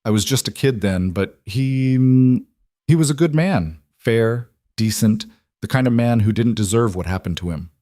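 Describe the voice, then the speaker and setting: A man playing a quiet, steady rancher who speaks in a measured, matter-of-fact way. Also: medium pitch, no room sound, clean studio sound, lightly acted. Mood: earnest.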